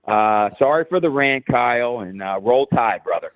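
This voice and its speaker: A man from New Jersey calling in to a show, rambling and halting with many restarts. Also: medium pitch, expressive, dry recording. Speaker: caller. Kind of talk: call-in rant. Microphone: phone. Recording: tinny phone line.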